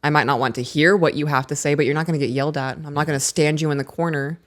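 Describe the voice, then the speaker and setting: A woman in her thirties co-hosting a podcast, chatting casually, reading aloud from a book and acting out what people said in animated stories. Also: low voice, fast talker. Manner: animated storyteller who acts out quotes. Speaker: podcast co-host.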